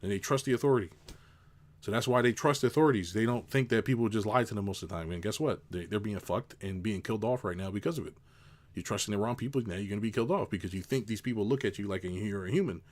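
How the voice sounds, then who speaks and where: A man's voice: on the low side, fast talker. Ranting male business coach. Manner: ranting, swears, mocks people in put-on voices. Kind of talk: unscripted rant to camera.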